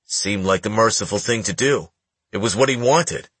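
A man doing a gruff loyal lieutenant. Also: fairly low pitch, moderate pace, fairly bright tone, dry recording. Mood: tense, frustrated.

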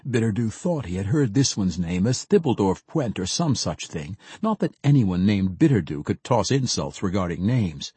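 A man reads a fantasy novel aloud with an animated, expressive storytelling manner. His voice is mellow and slightly husky, recorded close and dry. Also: on the low side, moderate pace, hardly any pauses, dry recording. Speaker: audiobook narrator. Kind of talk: scripted fantasy narration.

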